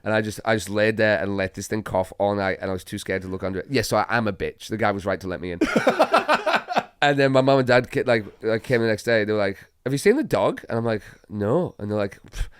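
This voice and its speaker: A man's voice: fairly low pitch, fast talker, clean tone, dry recording, studio quality. A young Australian man, a comedian guest, telling stories in casual podcast chat with frequent swearing and laughter. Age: young adult. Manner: swearing, animated storytelling with laughs.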